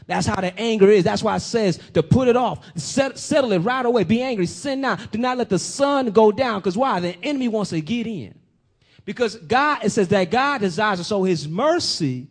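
A man with a high, light voice preaches a sermon. He questions his listeners directly, swells to loud, emphatic peaks and then sinks back to a low, quiet delivery. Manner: talks straight to the congregation with questions.

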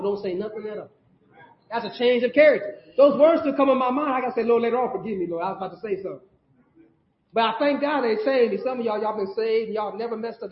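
A man preaching a sermon, speaking in emphatic, repeated phrases and turning to the congregation with call-and-response asides. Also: very high-pitched. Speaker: pastor. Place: church sanctuary. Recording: echoey church sound, dull audio.

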